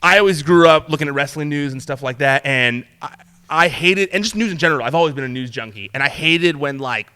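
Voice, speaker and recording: A man, a guest in an interview, telling a story in an animated, casual way, laughing often and saying "like" a lot. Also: fairly high pitch, quick pace, clean tone. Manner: animated, laughs often while telling stories, peppers talk with "like". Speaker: interview guest, news reporter. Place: talk show studio set.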